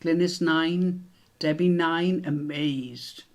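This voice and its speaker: Slow, deliberate British quizmaster man. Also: on the high side, steady tone. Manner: slow, deliberate, repeats each question with chatty asides. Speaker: quiz host. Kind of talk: reading out quiz questions.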